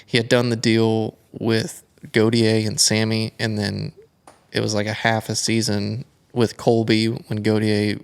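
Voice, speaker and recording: Gravelly young man telling a long story. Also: fairly low pitch, unhurried. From United States. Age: young adult. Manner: rambling, animated storytelling with many fillers. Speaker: guest, flat track racer. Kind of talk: casual storytelling interview.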